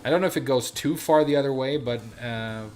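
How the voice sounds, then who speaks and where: A man's voice: mid-range voice, brisk, darkish tone, faint music behind. A young man streaming a game, chatting loosely with lots of fillers and casual swearing. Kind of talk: casual chat while gaming.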